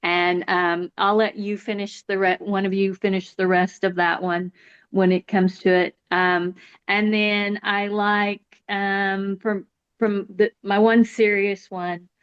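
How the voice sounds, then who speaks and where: A woman's voice: mid-range voice, flat delivery, takes it slowly, clean tone. Enthusiastic American woman, lo-fi sound. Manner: enthusiastic, restarts often. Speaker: podcast co-host, book fan. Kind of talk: casual book-club chat. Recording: lo-fi, dull sound.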